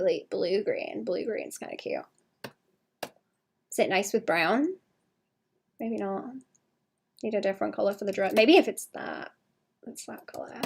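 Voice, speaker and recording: Sketching on stream, a young woman talks casually with viewers, musing aloud and giggling often. She speaks at medium pitch in a creaky, darkish voice with a breathy edge.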